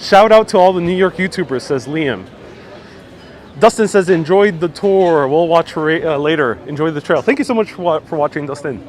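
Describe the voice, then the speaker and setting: Hosting a live walking tour outdoors, a man with a higher voice and lively intonation talks at a moderate pace, chatting, laughing often and reading viewers' comments aloud. His nose sounds a bit stuffy, and his wireless clip-on mic records faint city street noise.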